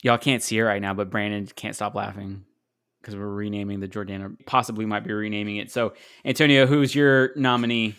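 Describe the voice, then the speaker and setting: A man hosting a casual podcast chat, chatty and quick to laugh, often correcting himself as he goes. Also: fairly low pitch, steady tone, a bit bright, smooth. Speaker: podcast host.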